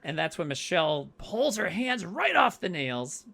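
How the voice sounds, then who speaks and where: A man's voice: high-pitched, sing-song, a little slow, vocal fry, sharp tone. A man co-hosting a podcast, recapping a horror movie in casual, swearing, rambling chat. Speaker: podcast co-host.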